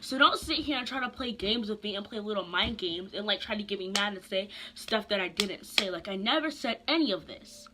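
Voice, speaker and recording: A young woman telling a casual storytime, chatty and animated, full of slang and asides. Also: mid-range voice, a little fast, hardly any pauses, noisy background. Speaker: vlogger.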